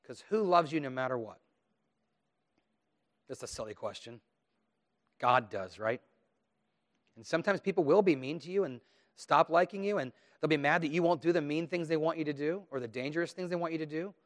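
A man's voice: on the high side, a little fast, pauses often. A pastor giving a children's message and then a sermon, asking his listeners questions and acting out the taunts of children. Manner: asks listeners questions, animated quoted taunts.

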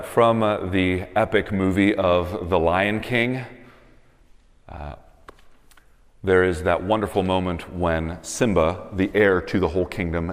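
Male pastor, 30s, low voice, reverberant sanctuary; storytelling sermon rising to emphatic calls. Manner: storytelling, building to emphatic appeals. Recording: long reverb of a church hall.

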